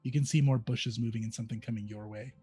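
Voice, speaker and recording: A man running a tabletop game as game master, relaxed, explaining the rules step by step. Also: mid-range voice, quick pace, faint music behind.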